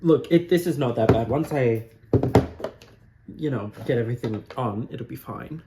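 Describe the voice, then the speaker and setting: A man's voice: mid-range voice, normal speed, very noisy. Playful chatty man doing drag makeup. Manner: playful, giggly and self-mocking. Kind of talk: casual chatty vlog narration. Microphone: phone camera.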